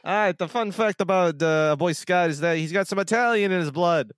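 A man's voice: high voice, fairly quick, clean tone, dry recording, studio quality. A young man bantering on a podcast, joking and mocking himself. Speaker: podcast player. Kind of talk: casual chat.

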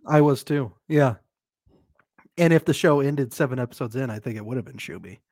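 A man's voice: mid-range voice, animated, fairly quick, darkish tone, no room sound, clean studio sound. A man co-hosting a podcast in casual chat, easygoing and agreeable, chuckling often. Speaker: podcast co-host.

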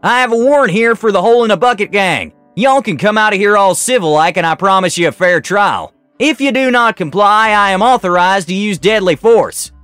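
A man voicing a stern frontier marshal who calls out loudly in a formal, folksy drawl. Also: sits high, animated, brisk, few pauses, clean tone, dry recording, faint music behind, voice pushed up. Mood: commanding.

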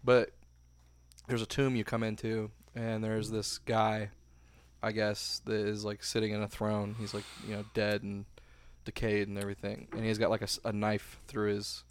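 A man's voice: on the low side, monotone, moderate pace, a little hiss or hum. A man in casual podcast chat, telling a long game story that trails off with "or whatever".

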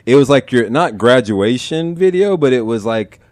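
A young man hosting a relaxed conversation, joking easily and often losing his train of thought. His voice moves around a lot in pitch and sits at an average height. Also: normal speed. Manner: joking, easygoing, often trails off. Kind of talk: casual chat.

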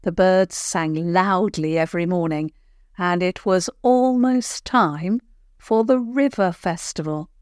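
An older woman, the regular storyteller of the show, reading a children's bedtime tale in a gentle, measured way. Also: lowish voice, clean tone, no room sound, clean studio sound. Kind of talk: scripted children's story narration.

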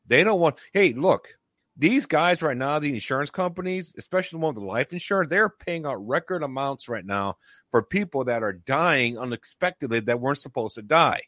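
A man's voice: mid-range voice, fairly bright tone, no echo, clean studio sound. A man hosting a casual discussion, making emphatic points and stopping often to say "okay".

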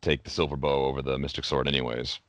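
A man's voice: extremely low pitch, level tone, fast, a bit bright, no room sound. A man co-hosting a casual gaming podcast, with a dry, sarcastic way of talking. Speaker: podcast co-host.

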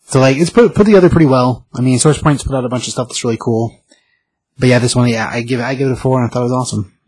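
A man's voice: medium pitch, racing, a little mellow, husky. A man hosting a casual chat, easygoing and agreeable as he talks. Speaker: podcast host.

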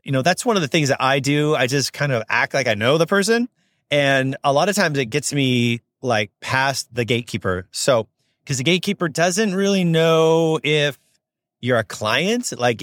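A man's voice: mid-range voice, a bit bright, dry recording, clean studio sound. A young man from Southern California, a podcast host telling a story in a chatty, upbeat way with lots of fillers. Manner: chatty and upbeat, many fillers, acts out quoted voices. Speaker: podcast host, notary signing agent.

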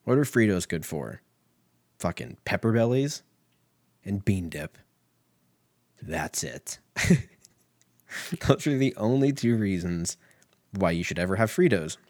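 Low-voiced profane man rambling. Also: expressive, unhurried, long pauses, darkish tone, no room sound. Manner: crude, profane, self-mocking, tangent-prone. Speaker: podcast host. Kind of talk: rambling casual monologue.

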